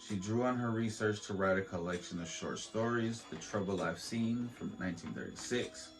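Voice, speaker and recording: A man's voice: lowish voice, lively intonation, normal speed, soft background music, rough recording. A man hosting a podcast, reading a history aloud with stumbles, restarts and joking asides. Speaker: podcast host. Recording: faint beat playing under the voice.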